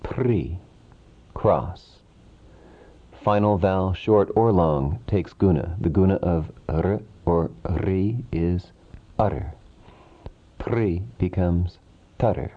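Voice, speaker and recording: A man teaching a language, reciting verb forms in a steady rhythmic chant and dropping lower to give the English meanings. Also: slow pace, long pauses. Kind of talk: recited grammar drill. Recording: dull lo-fi recording.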